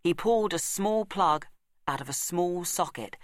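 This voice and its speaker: A man narrates a storybook in a slightly high voice. He reads in a measured, deliberate way, slowing down and pausing for effect. The recording is close and dry, with no room sound. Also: expressive, fairly bright tone, dry recording. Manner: measured, dramatic pauses and slowed emphasis.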